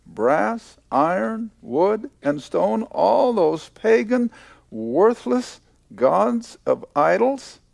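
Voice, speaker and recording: An older man teaching a Bible lesson to a class, slow and emphatic, repeating key points. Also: sits high, very animated, creaky, darkish tone, no echo.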